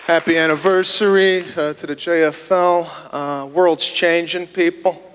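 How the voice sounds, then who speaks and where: A man's voice: on the high side, steady tone, a little slow, fairly bright tone, some chatter behind, a little hiss or hum. A man doing a stand-up set on a theater stage before a live audience, telling indignant, exasperated stories and acting out the dialogue on a handheld mic. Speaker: stand-up comedian. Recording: long theater reverb.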